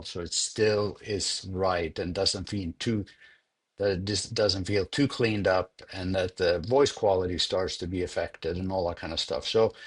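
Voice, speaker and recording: An older man, a film sound editor being interviewed, telling a story in an unhurried, conversational way and repeating words as he thinks. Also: low-pitched, breathy edge.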